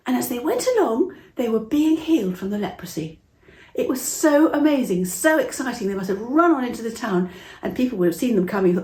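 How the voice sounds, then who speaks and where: A middle-aged woman from England telling a Bible story to children in a chatty, expressive way, acting out the voices. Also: mid-range voice, moderate pace, echoey room.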